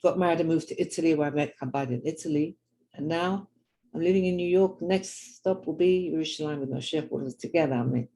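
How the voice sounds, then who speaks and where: A gravelly older woman with a London English accent, who grew up in London, is a Jewish women's teacher and speaker giving a personal storytelling talk. Her deep voice is brisk and warm, and she tells stories earnestly, acting out the people she quotes, on a rough recording.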